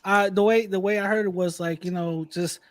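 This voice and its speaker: A man's voice: sits high, steady tone, normal speed, over a noisy crowd. A young man guesting on a casual debate chat, hesitant and repetitive, with laid-back slang.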